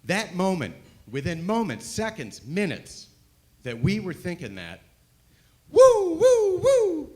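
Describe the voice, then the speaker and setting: A male comedian telling a personal story on stage with a lively, wide-ranging voice. His delivery swings from loud, punchy bursts to quiet, dropped asides. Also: medium pitch. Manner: animated, swinging from loud to hushed. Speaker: stand-up comedian. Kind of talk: stand-up storytelling.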